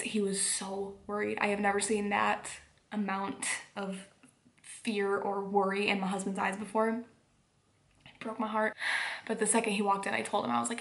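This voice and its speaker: A woman's voice: medium pitch, level tone, fairly quick, vocal fry. A young woman vlogger telling a personal story at home at bedtime, rambling with lots of fillers. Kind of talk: casual storytelling vlog.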